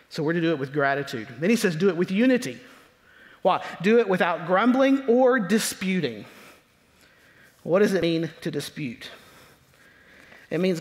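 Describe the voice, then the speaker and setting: A man preaching from the pulpit, his voice sitting high for a man as it rings through a church with a long, lingering reverb. He stretches out the words he wants to land, then drops low and grumbling when he imitates complainers. The sermon feels like steady, emphatic teaching. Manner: emphatic preaching with slow drawn-out stresses. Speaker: pastor. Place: church sanctuary.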